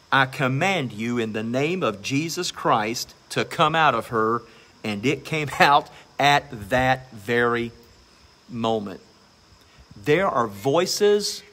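A man's voice: on the high side, a bit bright. A man preaching a sermon as pastor, emphatic and exhorting, repeating phrases for stress.

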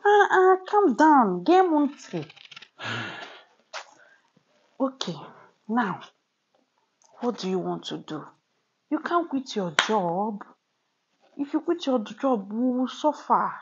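A woman's voice: mid-range voice, sing-song, slow pace, long pauses. A woman playing a coaxing Nigerian wife. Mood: concerned. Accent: Nigerian English. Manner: coaxing, pleading, mixing in local words. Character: worried wife calming her husband. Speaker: actress in a home skit. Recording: dull lo-fi recording with faint noise.

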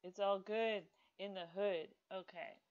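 A woman in her middle range talks unhurriedly through her gameplay, filling gaps with ums and stopping to scold her characters out loud. The recording is dull and lo-fi, like a basic home mic. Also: mid-range voice, steady tone, measured pace. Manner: rambling with many fillers, scolds game characters aloud. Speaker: gaming video host. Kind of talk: casual gameplay commentary.

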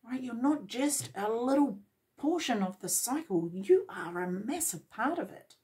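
Slow-spoken woman reading tarot. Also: on the high side, lively intonation, darkish tone. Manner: encouraging, repetitive, direct address. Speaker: tarot reader.

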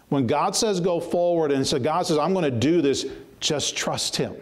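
A man in a pastor's role preaches at a moderate pace with few pauses, his voice a little high. He reads King James scripture aloud and then restates it in plain words, earnest and frequently restarting.

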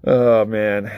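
A man's voice: on the low side, darkish tone, no room sound. A man talking casually to camera as a vlogger, rambling and swearing freely, with frequent laughs between thoughts. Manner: rambling and profane, with frequent laughs and acted-out asides. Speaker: vlogger reviewing books and films; parent of a young child. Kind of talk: casual unscripted chat to camera.

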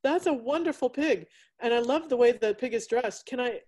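A woman's voice: fairly high pitch, normal speed, darkish tone. A woman author chatting effusively with guests over a video call from her home. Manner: effusive, gushing over pets. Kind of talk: casual chat on a video call. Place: at home, alone.

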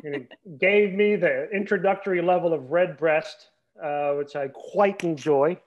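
A man's voice: fairly high pitch, a little slow, noisy background. A man who is a guest on a podcast, telling dry, self-deprecating anecdotes in a casual chat. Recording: dull lo-fi mic.

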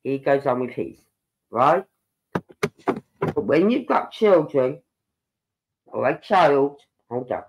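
A woman's voice: low voice, very animated, takes it slowly, creaky, long pauses, darkish tone. Indignant woman streamer in an echoey room. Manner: indignant, opinionated, talks straight to viewers. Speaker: true-crime live streamer. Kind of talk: casual live commentary.

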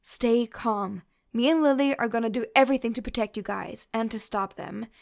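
A woman's voice: fairly high pitch, normal speed, creaky. A woman voicing a protective, bossy big sister who scolds her younger brothers.

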